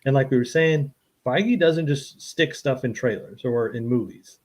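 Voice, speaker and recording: Excited fan guy cohosting a podcast, chatty, normal pitch. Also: a little slow. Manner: enthusiastic fan chatter, chuckling. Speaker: podcast co-host. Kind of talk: casual chat.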